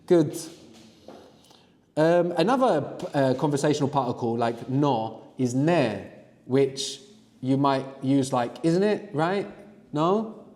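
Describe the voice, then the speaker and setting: A language teacher runs a live classroom workshop, pressing students with questions and having them reason things out aloud. He speaks slowly in a mellow, relaxed, medium-pitched voice, and the room carries a long reverb.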